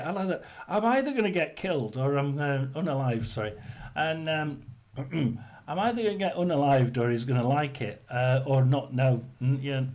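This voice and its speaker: Man, somewhat high voice, live chat host, rambling, hesitant, frequent throat clearing, joke-telling. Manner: tells jokes to the chat. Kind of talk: casual live-stream chat.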